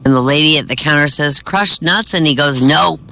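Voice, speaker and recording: A man works through a comedy set of old jokes with a bright, forward voice. He jumps his pitch up for the characters' quoted lines. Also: a little fast, clean tone. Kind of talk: telling jokes to an online audience.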